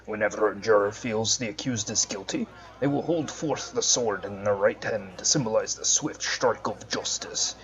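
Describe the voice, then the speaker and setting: A man's voice: lowish voice, normal speed, dull audio, voice pushed down, lightly acted. A man voicing a solemn male dwarf cleric with a put-on Scottish accent, reading the game's lines formally.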